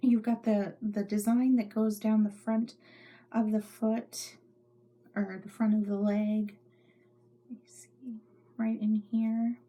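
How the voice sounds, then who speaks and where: A woman's voice: medium pitch, flat delivery, takes it slowly, long pauses, dark tone. A middle-aged woman hosting a knitting podcast from her home craft room, rambling chattily and often dropping into whispers. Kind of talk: casual show-and-tell chat.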